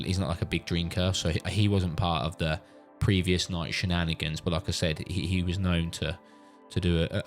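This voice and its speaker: A British dad casually telling a funny story, animated and swearing freely. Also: male voice, sits low. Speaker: vlogger, father. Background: faint background music.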